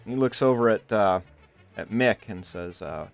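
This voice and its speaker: A man's voice: fairly low pitch, lively intonation, a little slow, gravelly, no echo. A man from Iowa narrating as game master, rambling with lots of fillers and slipping into playful character voices. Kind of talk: narrating a tabletop game livestream. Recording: muffled livestream audio with faint music.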